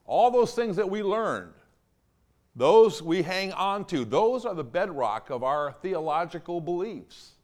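A male pastor delivers a sermon with a high voice. He speaks with a lot of swing and emphasis, and he acts out the lines he quotes. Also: unhurried. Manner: animated, emphatic preaching with acted-out quotes.

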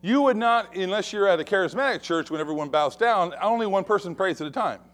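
A man preaching a sermon in an expressive way, acting out the voices he quotes. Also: high-pitched, quick pace. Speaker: pastor.

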